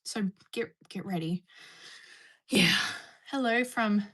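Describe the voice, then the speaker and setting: A woman's voice: mid-range voice, lively intonation, normal speed, pushed and bright. A woman chatting casually on a live stream from home, bubbly and answering her viewers. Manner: chatty, bubbly, reading and answering chat messages. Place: indoors at home.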